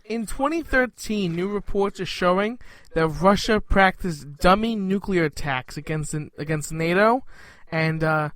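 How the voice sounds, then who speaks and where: A man's voice: high-pitched, a little slow, hardly any pauses, no room sound. Dry-sounding Brooklyn man, wry. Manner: wry, deadpan one-liners. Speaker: co-host. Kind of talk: casual talk show banter.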